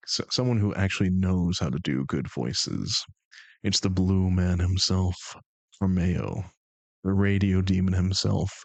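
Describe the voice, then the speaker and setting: A young man hosting a stream, bantering with chat in a joking, sarcastic tone. His voice sits very low with a gravelly fry, and his pace is unhurried. The sound is dry and close. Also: a little mellow, dry recording. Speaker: streamer and game master.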